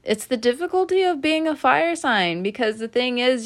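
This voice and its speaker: A woman giving a casual spoken tarot reading, chatty and animated, often breaking into laughter, recorded indoors at home. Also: high voice, moderate pace. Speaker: tarot reader.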